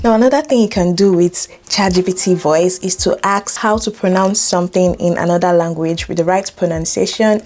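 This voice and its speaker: A woman's voice: lowish voice, a little mellow. A young woman hosting a casual tutorial, playful and jokey, talking straight to viewers. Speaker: tutorial host.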